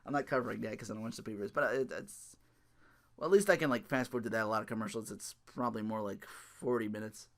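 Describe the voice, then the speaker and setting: A man hosting a solo recap podcast, talking in an animated, ranting way, laughing often and swearing freely. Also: fairly low pitch, fast talker. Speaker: podcast host.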